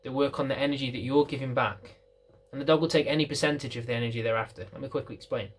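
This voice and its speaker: A man's voice: mid-range voice, fairly even intonation, rapid-fire, faint music behind. A man, a dog trainer, talking casually to camera from a chair, with many fillers and restarts. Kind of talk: unedited talk to camera. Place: indoors, seated in a chair.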